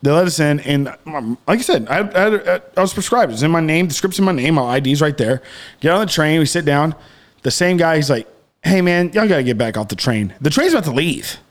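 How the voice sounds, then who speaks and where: A man's voice: a little high, expressive, a little fast. A young man co-hosting a podcast, telling a long story in casual chat, rambling with many restarts, fillers and swearing. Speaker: podcast co-host.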